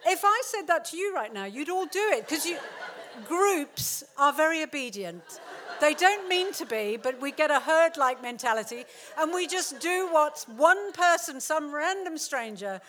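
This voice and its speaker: A middle-aged woman telling a funny story to a live theatre audience, animated and laughing, acting out the people in it. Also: sits high, measured pace. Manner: animated, laughing, acts out quotes. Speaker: author giving a talk. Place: theatre stage.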